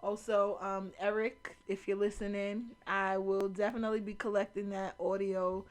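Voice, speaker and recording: A woman hosting a home podcast, telling stories in a lively, profane way. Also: medium pitch, normal speed. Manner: animated, profane storytelling with loud acted-out quotes. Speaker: podcast host. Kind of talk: casual storytelling chat. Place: home room near a kitchen window.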